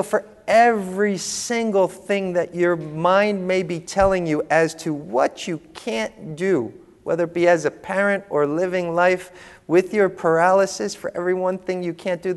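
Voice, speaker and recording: A man telling humorous, animated parenting stories to an audience as a panel speaker. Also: fairly high pitch, smooth. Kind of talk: storytelling talk to an audience. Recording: long hall reverb.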